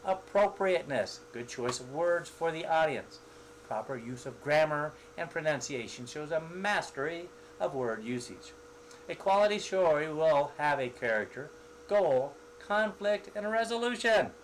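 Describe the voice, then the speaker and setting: Measured, instructive man, slightly high voice. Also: expressive, a little hiss or hum, low-quality recording. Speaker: speech presenter. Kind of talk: explaining speech criteria.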